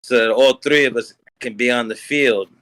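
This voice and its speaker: A man's voice: mid-range voice, fairly even intonation, moderate pace, a bit bright, rough recording. A man chatting on a podcast, telling jokes and stories casually.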